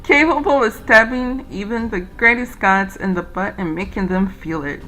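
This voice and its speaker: A woman voicing a calm, motherly tea-room lady who speaks in a gentle, measured way. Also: mid-range voice, close to an everyday voice, rough recording.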